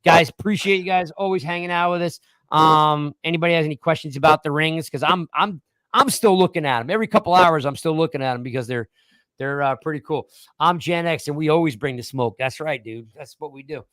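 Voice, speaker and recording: A fairly high-voiced man in his forties hosts a relaxed live-stream chat. He rambles, jokes and restarts his sentences often. The sound is close and dry. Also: fairly quick, no echo. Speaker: podcast host.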